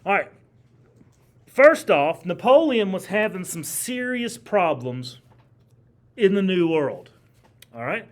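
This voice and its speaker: A man lectures a history class in a classroom, his voice pitched high for a man. He keeps it casual and chatty. He often stops to quiz the students with questions. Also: very animated, slow pace, long pauses. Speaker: history teacher.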